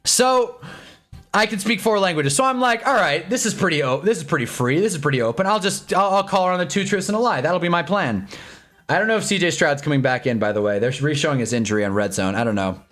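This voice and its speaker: A young man with a Midwestern American accent hosting a live stream, telling a dating story in an animated, laughing way and breaking off for quick remarks on the game. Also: on the high side. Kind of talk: casual storytelling while watching football.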